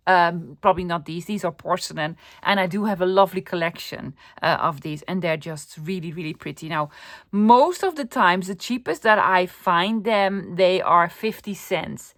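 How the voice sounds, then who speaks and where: A woman's voice: mid-range voice, no echo. Woman, middle-aged, gushing vlog chat, dry close sound. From Netherlands. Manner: excitable, gushing, often drops to a whisper. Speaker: vlogger showing a thrift haul. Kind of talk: casual chat to camera.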